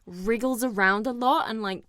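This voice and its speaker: Animated young woman, dry close sound. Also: a little high, moderate pace, no room sound. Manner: animated, swears, dramatic retellings. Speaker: podcast co-host. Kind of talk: casual film discussion.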